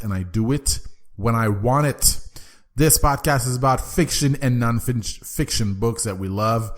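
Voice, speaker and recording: A young man hosts his own book podcast, talking. His delivery is eager and animated, and he often stumbles and restarts his words. His voice sits at an ordinary middle pitch. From Quebec, Canada. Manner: enthusiastic, repeats and restarts words. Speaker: podcast host. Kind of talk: solo book podcast monologue.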